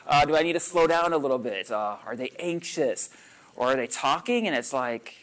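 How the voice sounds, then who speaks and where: A man's voice: on the high side, a little fast, rough recording. A man coaching a small audience on listening, talking casually and acting out example phrases. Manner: animated and conversational, acts out sample lines, frequent fillers. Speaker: coach teaching a workshop on listening. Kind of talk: casual live teaching talk.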